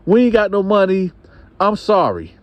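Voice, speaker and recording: A man voicing a panicked young wife who stammers through halting apologies. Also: high-pitched, sing-song, dry recording, pitched above the performer's own voice. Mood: apologetic.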